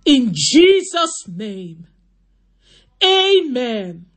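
A woman leads a prayer hotline in a fervent, repetitive voice that slips into half-sung phrases. Her voice sits a little high, and she talks slowly and draws words out. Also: darkish tone. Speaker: prayer line leader.

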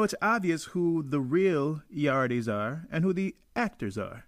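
A man from Jamaica hosting a radio show, giving emphatic opinionated commentary that swings from low asides to excited highs. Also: normal speed, hardly any pauses, dry recording, studio quality.

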